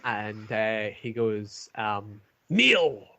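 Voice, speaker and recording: A man running a tabletop game as game master, narrating haltingly with many pauses and restarts over an online call. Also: medium pitch, fairly bright tone, highs cut off.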